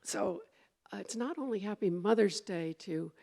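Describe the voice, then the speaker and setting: A woman's voice: medium pitch, lively intonation, normal speed, gravelly, mellow. A woman minister giving a conversational sermon, meandering, with fillers and restarts as she goes.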